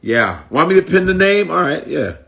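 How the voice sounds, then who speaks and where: Animated New York man ranting on a phone stream. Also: on the high side, normal speed, gravelly. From the Bronx, New York. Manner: animated, teasing, repeats punchlines in shifting voices. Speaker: comedian hosting a livestream. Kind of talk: mocking comic rant on a live stream.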